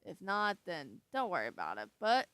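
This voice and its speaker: A woman hosting a casual storytelling video, halting and stumbling as she reads her notes aloud. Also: on the low side, wildly swooping pitch, fairly bright tone, poor audio. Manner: many fillers and restarts. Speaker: storytelling channel host. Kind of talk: casual spoken intro to a scary story.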